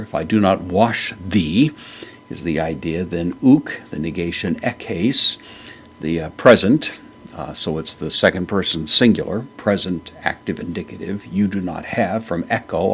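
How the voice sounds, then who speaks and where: A man giving a methodical verse-by-verse grammar lesson, pausing often with "uh" fillers. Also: deep voice, fairly bright tone, a little hiss or hum. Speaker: Greek New Testament teacher.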